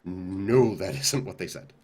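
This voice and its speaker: A man with a fairly low voice co-hosting a casual podcast. He explains with emphasis, gets animated when he makes a point, and often restarts his sentences. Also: measured pace, husky. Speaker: podcast co-host.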